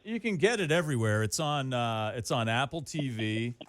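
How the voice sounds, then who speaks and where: A man's voice: medium pitch, lively intonation, normal speed, fairly bright tone, no room sound. A man hosting a casual radio interview, teasing his guest and laughing often. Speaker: radio host.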